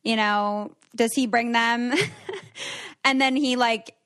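A woman's voice: on the high side, steady tone, unhurried, fairly bright tone, clear, resonant tone. Chatty young woman, podcast host. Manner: candid storytelling, rambling with many likes. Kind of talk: casual chat.

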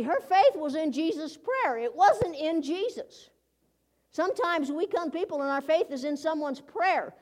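A woman preaching a conversational sermon in a folksy manner, often asking her listeners rhetorical questions. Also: sits high.

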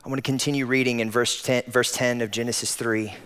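A man preaching a sermon, swinging from loud emphatic peaks down to soft, intimate passages. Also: medium pitch, level tone, brisk, clean tone. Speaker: pastor. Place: church auditorium.

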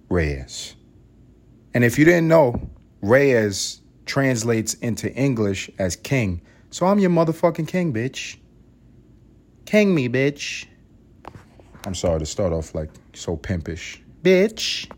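A man from East Harlem hosting a podcast, delivering a crude, sarcastic comedic monologue that swings between loud mock outbursts and muttered asides. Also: fairly low pitch. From East Harlem, New York. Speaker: podcast host.

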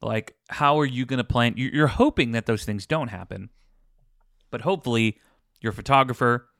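A young man co-hosting a podcast, easygoing and advice-giving as he walks through a topic. His voice sits in an ordinary middle pitch, recorded close and dry. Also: moderate pace, gravelly, a bit bright, no echo. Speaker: podcast co-host, wedding vendor. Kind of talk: casual chat.

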